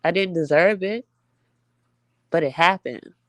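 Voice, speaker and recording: A woman's voice: fairly low pitch, unhurried, no room sound. A young woman venting to her viewers in a casual, emphatic heart-to-heart, addressing them as y'all. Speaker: vlogger.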